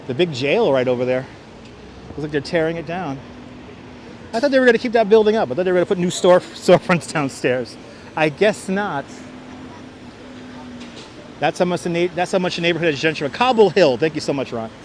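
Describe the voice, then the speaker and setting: A man's voice: a little high, expressive, brisk, pauses often, a little hiss or hum. Chatty man streaming a city walk. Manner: chatty, restarts phrases, thanks viewers. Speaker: livestream host. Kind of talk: casual walking-tour livestream. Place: outdoors on city streets. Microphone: wireless clip-on mic.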